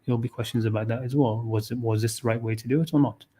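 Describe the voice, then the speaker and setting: A man's voice: mid-range voice, steady tone, fast talker, mellow, husky. A man giving an unscripted livestream talk on a scripture verse, thinking aloud with frequent restarts and "okay, you know". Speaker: Qur'an teacher.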